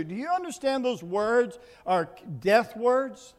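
High-voiced preacher in a reverberant hall. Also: male voice, animated, unhurried, hardly any pauses. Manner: swings from low, quiet asides to loud, emphatic preaching. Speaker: pastor. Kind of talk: sermon. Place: church building.

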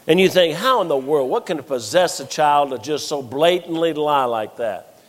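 A middle-aged man preaches a sermon, telling funny family stories and acting out the people he quotes. His voice sits a little high. The sound rings with the long reverb of a large hall. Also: measured pace. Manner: animated storytelling, acts out quoted voices.

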